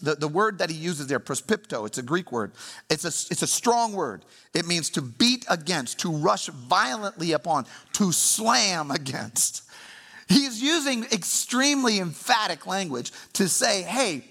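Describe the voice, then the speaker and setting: Animated man preaching in a reverberant hall. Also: fairly high pitch, moderate pace, vocal fry, husky. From St. Louis, Missouri. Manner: animated, emphatic storytelling with congregation asides. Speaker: pastor. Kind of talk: sermon.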